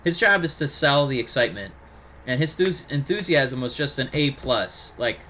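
A man co-hosting a podcast in casual chat, talking animatedly and breaking into excited impressions. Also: mid-range voice, moderate pace, a little hiss or hum. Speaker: podcast co-host.

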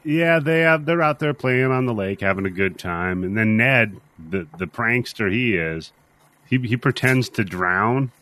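A man's voice: medium pitch, lively intonation, unhurried, a bit bright. A man co-hosting a podcast, laid-back and laughing often as he recaps scenes. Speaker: podcast co-host. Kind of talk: casual chat.

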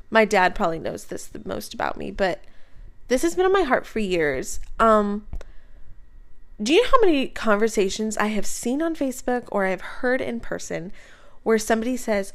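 A woman hosting her own show, talking about her faith in a passionate, earnest, conversational way and putting questions to the listener. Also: a little high. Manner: passionate, fired up. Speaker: podcast host. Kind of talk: casual faith talk.

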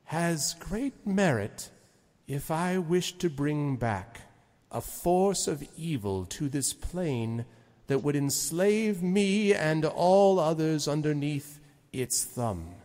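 A man's voice: on the high side, lively intonation, darkish tone, long reverb tail, pitched above the performer's own voice. A man doing an ancient, stern lord. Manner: slow, deliberate, grave speech. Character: ancient proud male lord, stern and slow.

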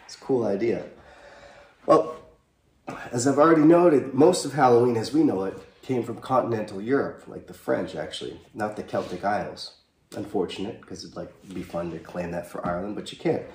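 Heard from a distance in an echoey small chapel, a man preaches a live sermon in a conversational style and poses questions to the congregation. He is a pastor with a lowish voice and a moderate pace.

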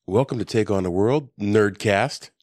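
Low-voiced rambling male podcast host. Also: measured pace, a little mellow, no echo, studio quality. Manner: rambling, jokey, lots of ums. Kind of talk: casual chat. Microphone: desk podcast mic.

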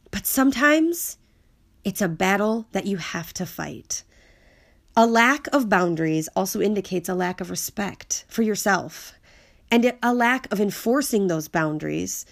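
A woman's voice: medium pitch, creaky. Earnest woman giving life advice. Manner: earnest, emphatic, repeats key phrases. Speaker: speaker on personal growth. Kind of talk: reflective monologue.

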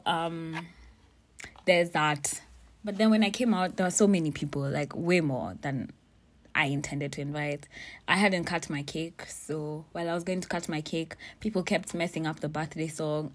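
Young woman, lowish voice, cussing a lot while she tells a story, super casual. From Kenya. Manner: blunt, profane, animated storytelling. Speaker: vlogger.

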